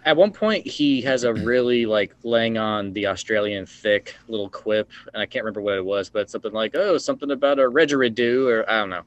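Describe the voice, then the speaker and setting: A man with a lowish voice muses at length about films on a casual podcast. He winds through his points with fillers and asides. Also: brisk, few pauses, no room sound. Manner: thoughtful, rambling with fillers. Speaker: podcast co-host. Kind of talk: casual movie review chat.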